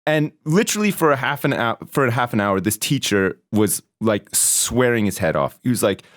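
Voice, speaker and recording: A British man co-hosting a podcast, telling school stories in a casual, animated way with plenty of swearing and high-pitched acted-out quotes. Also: normal speed, no room sound, clean studio sound. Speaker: podcast co-host. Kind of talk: casual storytelling chat.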